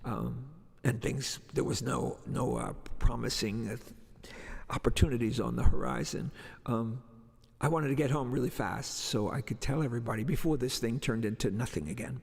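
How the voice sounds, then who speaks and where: A singer-songwriter talks through a long, animated story on his livestream, meandering as he goes. His voice is gravelly and a little husky. A long reverb trails after his words. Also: medium pitch, normal speed.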